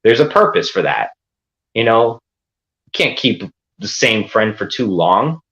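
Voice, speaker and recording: A man holds forth on a livestream in a rambling rant, full of swearing and defiance. His voice sits a bit low, and he talks in loose, run-on stretches. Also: big pitch swings, a little slow, a bit bright, highs cut off.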